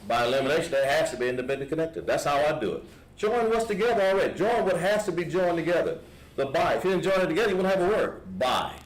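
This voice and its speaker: A man's voice: fairly high pitch, quick pace. Man teaching letters in an echoey room. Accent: Southern American. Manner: patient, step-by-step explaining. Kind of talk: classroom instruction. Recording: echoey room with background noise.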